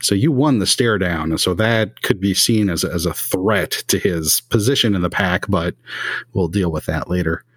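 A man's voice: low voice, normal speed, slightly rough, no room sound, studio quality. A man narrating a tabletop role-playing game as game master, casual and rambling.

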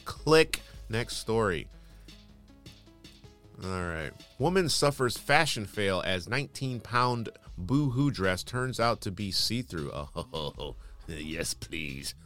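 A man's voice: fairly low pitch, big pitch swings, slow pace, a bit bright, faint music behind. A man hosting casual news commentary, reading headlines aloud and adding sarcastic, dismissive asides.

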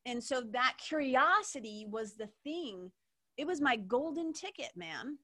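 A woman's voice: sits high, lively intonation, measured pace, pushed and bright. A woman hosting an interview, telling a personal story in a candid, emotional way, swearing freely and leaning on "like". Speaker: podcast host.

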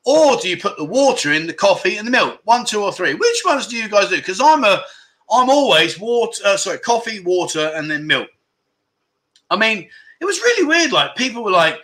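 Bright-voiced man, a bit high-pitched, casual joking livestream host chatting with viewers. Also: sing-song, fairly quick. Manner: jokey, chatty, asks viewers questions. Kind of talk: casual livestream chat, reading viewer comments. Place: home in Thailand.

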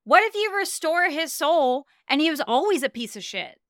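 A young woman co-hosting a casual chat podcast, animated and laughing often as she retells scenes. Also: sits high, normal speed. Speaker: podcast co-host.

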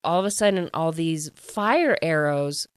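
A woman gushes through a book recap at home, chatty and quick to ramble. Her voice sits somewhat low. The sound is dry and close to the mic. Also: expressive, clean tone, no echo. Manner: gushing and chatty, full of "like". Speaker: book reviewer.

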